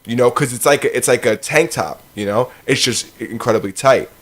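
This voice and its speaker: A man's voice: mid-range voice, fairly quick. A man co-hosting a podcast in casual chat, chatty, interjecting and swearing casually. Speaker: podcast co-host.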